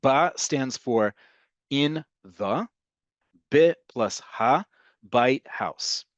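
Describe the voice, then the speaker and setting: A man teaching an online language lesson, explaining slowly and repeating each example. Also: mid-range voice, animated, no echo, muffled recording. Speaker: Hebrew teacher.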